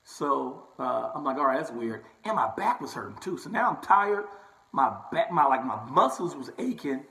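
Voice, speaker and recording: A man's voice: fairly high pitch, big pitch swings, normal speed, gravelly, bright, forceful tone, rough recording. A young barber talking casually to his viewers, telling a personal story and checking in with "right?" and "okay?" as he goes. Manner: chatty, repeats "right?" and "okay?" often. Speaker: barber and vlogger.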